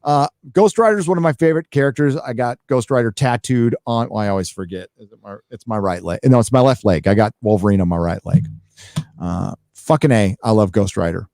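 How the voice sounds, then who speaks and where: A man hosting a live stream, chatting casually and reading out donations in a rambling, profane, excitable way. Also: fairly low pitch, fairly quick, no room sound.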